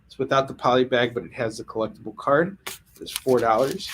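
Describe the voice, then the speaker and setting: An American man chats casually on a livestream, jumping between comic sales and stories with lots of ums and restarts. His voice sits at an ordinary middle pitch. Faint noise hums behind him. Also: fairly quick, poor audio. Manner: animated, jokey, hesitant with fillers. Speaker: host selling comics.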